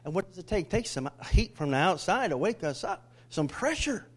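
Animated preaching man, fairly high voice. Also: a little fast, husky. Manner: animated preaching with call-and-response to the congregation. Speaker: pastor. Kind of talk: sermon.

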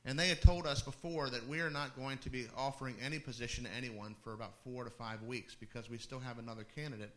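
A middle-aged man preaches in a relaxed, storytelling way, his voice sitting at an ordinary male pitch. He talks to the congregation like friends, restarting sentences and slipping in amused asides. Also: fast talker, few pauses. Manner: conversational, with laughing asides and restarts. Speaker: pastor. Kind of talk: sermon storytelling.

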